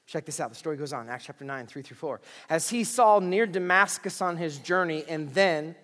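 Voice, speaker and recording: A man's voice: a little high, normal speed, a bit bright. A middle-aged man preaching a sermon from a church stage, emphatic, repeating key words and speaking straight to the congregation. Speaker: pastor. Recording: long echoing hall reverb.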